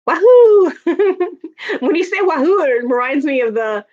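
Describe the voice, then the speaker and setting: A woman's voice: high-pitched, animated, a little fast, highs cut off. A woman, chatting casually with her viewers, laughing often and using lots of filler words. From Chicago, USA. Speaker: livestream host. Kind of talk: casual chat reading viewer comments.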